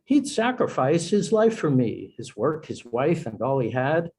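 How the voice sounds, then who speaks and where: A man's voice: fairly high pitch, very animated, measured pace, a little mellow, breathy edge, heavily acted. A man reading as a coy young woman in verse. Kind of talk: reciting a sonnet.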